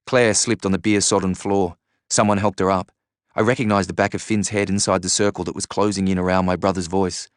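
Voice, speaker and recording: A man reading a first-person novel aloud in a steady, measured way. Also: low voice, no room sound, studio quality. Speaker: audiobook narrator.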